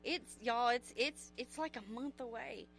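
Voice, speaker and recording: A woman's voice: a little high, measured pace, creaky, a bit bright, faint music behind. A woman guest on a radio talk show, chatting and giving practical tips. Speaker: agriculture extension guest.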